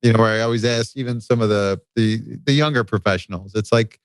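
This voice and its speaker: A man hosting a podcast, asking questions in a halting way with restarts. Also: fairly low pitch, smooth, dry recording. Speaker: podcast host. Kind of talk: interview questions.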